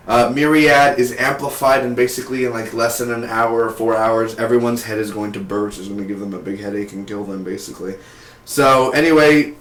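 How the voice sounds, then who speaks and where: A young man recapping a TV episode in casual, excitable, slangy speech with lots of fillers. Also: mid-range voice. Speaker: TV show reviewer. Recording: roomy echo.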